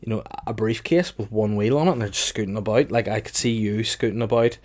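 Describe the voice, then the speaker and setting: A man hosts a casual comedy podcast in a somewhat low voice. He delivers absurd jokes in a deadpan, meandering way, padding his sentences with fillers. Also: quick pace. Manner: deadpan and rambling, full of fillers. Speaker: podcast host.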